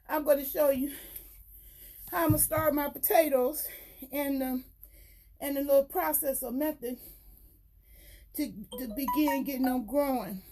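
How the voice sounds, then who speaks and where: A woman's voice: high-pitched, dark tone. A woman filming a casual gardening vlog in her house, chatting to viewers and sometimes out of breath. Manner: chatty, talks to viewers as y'all. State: out of breath at times. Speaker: gardening vlogger. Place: house and grow room, indoors. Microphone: handheld camera, then set down.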